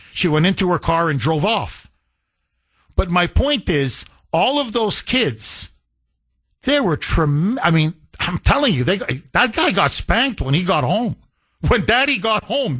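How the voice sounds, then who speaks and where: Male talk radio host, animated storyteller, voice swings widely. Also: high-pitched, breathy edge, no echo, clean studio sound.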